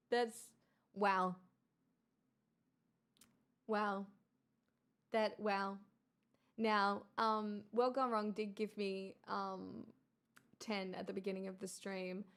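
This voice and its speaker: A woman hosting a casual livestream, chatting with viewers, thanking them in an exclamatory, wry way. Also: mid-range voice. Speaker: livestream host.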